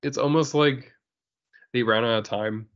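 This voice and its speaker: A man's voice: medium pitch, measured pace, a bit bright, muffled recording. Joking man chatting about comics. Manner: laughing and joking. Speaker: podcast co-host. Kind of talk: casual podcast chat.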